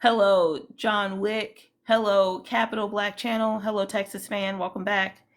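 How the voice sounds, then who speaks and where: A woman's voice: mid-range voice, little pitch movement, a little slow. A woman hosting a casual livestream, chatting loosely and greeting viewers by name. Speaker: livestream host.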